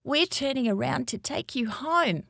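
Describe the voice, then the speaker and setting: A woman doing a squeaky baby orca. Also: animated, a little slow, gravelly, dry recording, studio quality, full character voice. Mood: pleading. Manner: high bright child's voice. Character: baby female orca, eager and affectionate.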